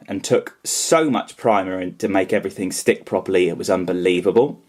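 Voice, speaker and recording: A man's voice: low voice, brisk, few pauses, darkish tone. Rambling, self-deprecating man vlogging. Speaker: toy customiser and vlogger. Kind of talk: casual chatty vlog.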